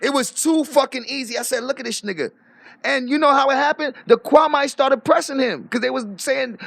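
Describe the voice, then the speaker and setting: A man's voice: very high-pitched, moderate pace, vocal fry, fairly bright tone, no room sound. A man ranting boastfully on a live stream, swearing freely and laughing often. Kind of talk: casual livestream rant.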